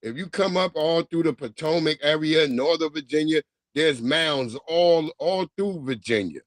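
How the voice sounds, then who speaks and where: A man's voice: fairly high pitch, animated, moderate pace, dry recording. A man from the United States hosting a livestream in casual chat, blunt and laid-back with rambling opinions. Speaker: livestream host.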